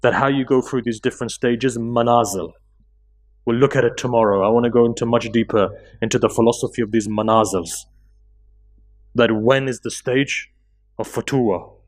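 A man preaching a sermon, slowing down and rising to high, impassioned pleading as he tells stories. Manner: slow, drawn-out emphasis. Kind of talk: emotional religious sermon.

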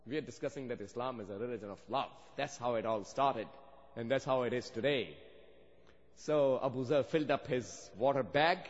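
Preacher with a long hall echo. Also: male voice, medium pitch. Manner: storytelling, rising to fervent emphasis. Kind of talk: sermon. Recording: dull sound with long hall reverb.

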